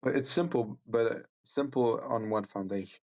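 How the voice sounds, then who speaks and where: A man's voice: medium pitch, normal speed, darkish tone, no room sound. A man calling in to a live debate, arguing hesitantly and repeating words as he goes. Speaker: caller. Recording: dull lo-fi call audio.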